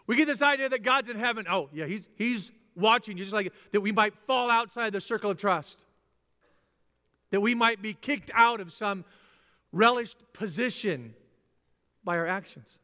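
Brief: older male pastor, high bright lively voice, dramatic sermon delivery, heard with long reverb in a large hall. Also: moderate pace. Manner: animated, dramatic, acts out voices, drops to near whispers.

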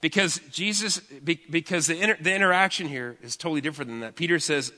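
A man's voice: fairly high pitch, fast talker, pushed and bright, big-room sound. A man preaching a sermon as pastor, talking in a conversational, joking way and often restarting his sentences.

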